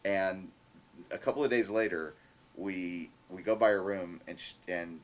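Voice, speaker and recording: A man in his forties telling animated anecdotes in casual chat, restarting his sentences often. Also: sits low, unhurried. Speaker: guest filmmaker. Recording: faint background noise, live stream.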